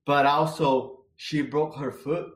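A man's voice: a little high, fairly even intonation, slow pace, echoey room. A man co-hosting a casual motorsport podcast, teasing and rambling with restarts. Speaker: podcast co-host. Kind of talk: casual chat.

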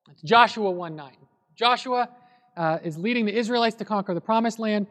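A man with a high voice preaches a sermon, retelling a story in an easygoing, conversational manner. His voice carries a long reverb from a large church hall. He talks like a pastor chatting with his congregation rather than orating. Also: brisk, a bit bright.

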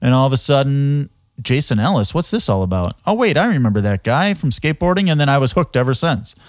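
A man's voice: medium pitch, big pitch swings, quick pace, dry recording. Rambling laughing man host. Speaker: podcast host. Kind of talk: casual interview chat.

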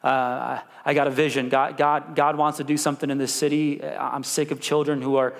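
A man's voice: mid-range voice, a little fast, gravelly. Preaching male pastor in a reverberant hall. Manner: animated preaching with call-and-response. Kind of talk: sermon. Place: church sanctuary.

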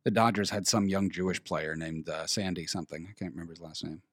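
A young man talks in a relaxed, rambling way, pausing now and then to dig up a name he can't quite recall. His voice sits on the low side. The studio sound is dry and close. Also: dry recording. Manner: rambling, trails off to search for names. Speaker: podcast host. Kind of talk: casual chat. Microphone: studio microphone.

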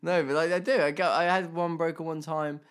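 A man's voice: a little high, fairly even intonation, fairly quick, smooth. A man, co-hosting a casual podcast and telling stories in a rambling way full of fillers and restarts. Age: 20s. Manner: rambling, filler-heavy storytelling with many restarts. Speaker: podcast co-host. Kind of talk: casual chat.

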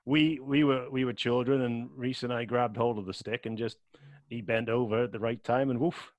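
A man's voice: mid-range voice, steady tone, moderate pace, no room sound. Laid-back man agreeing along. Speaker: podcast guest, improv comedian. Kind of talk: improv comedy banter.

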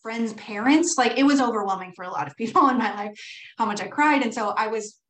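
A woman's voice: a little high, brisk, a bit bright. Candid woman podcast host, echoey room. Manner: candid, swears freely, laughs often. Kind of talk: casual chat.

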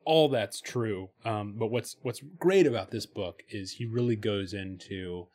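A man's voice: fairly low pitch, a little slow, a little mellow. A man hosting a podcast, talking casually and at length with frequent fillers, sometimes reading passages aloud. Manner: talkative, many fillers and restarts, reads passages aloud. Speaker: podcast host. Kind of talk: casual chat about spirituality.

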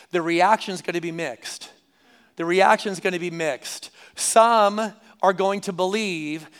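At a church service, a male pastor preaches with a high, smooth voice. His tone is laid-back and conversational, and he repeats important lines for emphasis.

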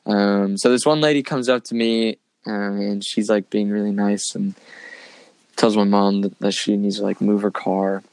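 A man's voice: lowish voice, fairly even intonation, moderate pace, darkish tone, clear, resonant tone, dry recording. Young man rambling through a story. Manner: rambling, filler-heavy, says "like" and "dude" often. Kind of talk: casual storytelling chat.

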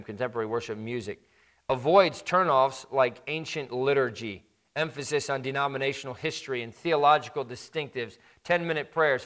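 A pastor preaches, rising to loud, emphatic peaks and sinking low and quiet. He slows down on the points he wants to stress.

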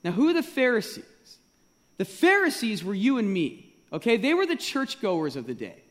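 A man's voice: high-pitched, huge pitch swings, moderate pace, fairly bright tone. A man preaching a sermon to his congregation, asking rhetorical questions and repeating key phrases for emphasis. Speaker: pastor. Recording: long reverb of a large hall.

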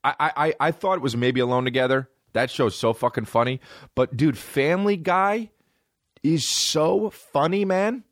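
A man's voice: on the high side, moderate pace, dry recording, clean studio sound. A man in his thirties hosting a casual solo comedy podcast, rambling and swearing, slipping into mimicked voices of other people. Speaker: podcast host. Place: small indoor room with a creaky chair.

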